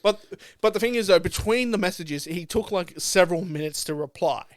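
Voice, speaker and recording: A young man with a fairly high, smooth voice, telling stories over drinks with lots of swearing and animated retelling. The sound is dry and close to the mic. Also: a little fast, dry recording. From Australia. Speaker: podcast co-host. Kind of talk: casual chat over drinks.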